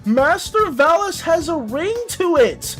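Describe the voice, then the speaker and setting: Excitable streamer lady, laughs a lot, super animated, kinda high voice. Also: measured pace, faint music behind. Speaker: art streamer. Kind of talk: casual live-stream chat.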